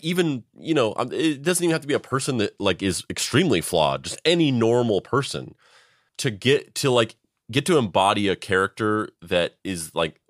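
A man's voice: lowish voice, fairly bright tone, no echo, studio quality. A man co-hosting a podcast in casual chat, rambling and blunt, swearing now and then. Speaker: podcast co-host.

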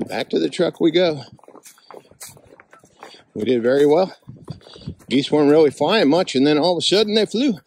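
A man's voice: expressive, normal speed, pauses often, darkish tone, a little hiss or hum. Outdoorsy man coaxing his dog. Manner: talks fondly to his dog in a high coaxing voice. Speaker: outdoors vlogger. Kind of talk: casual outdoor vlog narration. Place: outdoors by a river in the wind.

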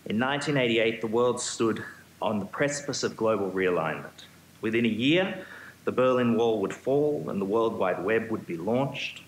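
A man, a museum curator, giving a prepared symposium talk on stage, measured with occasional ums and restarts. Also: fairly low pitch, animated. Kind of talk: prepared lecture. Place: auditorium stage. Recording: echoey hall, faint hum.

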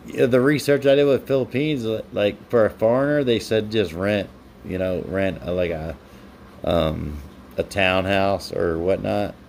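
A man's voice: on the low side, unhurried, a little mellow, slight background noise. A man on a live stream, reading viewers' comments aloud and answering them with playful, teasing banter. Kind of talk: casual live-stream chat.

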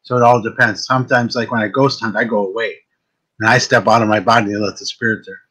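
This psychic medium hosts a casual chat, speaking fast in a fairly deep, husky voice. He tells stories with animation and often repeats words when starting a thought. The recording is rough.

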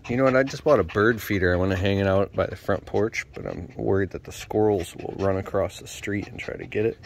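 A man at home filming his dogs, chatting casually and switching between hushed whispers and excited shouts. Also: lowish voice, a little fast, creaky, slight background noise. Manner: talks to his dogs in baby talk. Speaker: dog owner filming his pets. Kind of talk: casual chat. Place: home basement.

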